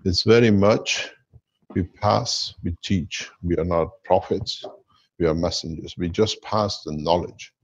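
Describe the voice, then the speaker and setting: A low, gravelly male voice lectures at length, wandering through its explanations in non-standard English. The sound is husky and very dry, with no room around it, and the audio is dull and lo-fi, like an online call. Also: a little slow, no room sound. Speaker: workshop lecturer. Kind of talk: spiritual science lecture.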